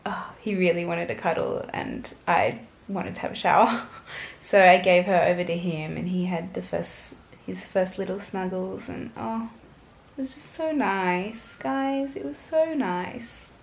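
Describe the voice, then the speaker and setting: A woman's voice: lowish voice, measured pace, vocal fry, echoey room, slight background noise. A young woman vlogger telling a personal story to camera in a chatty, gushing way, full of fillers.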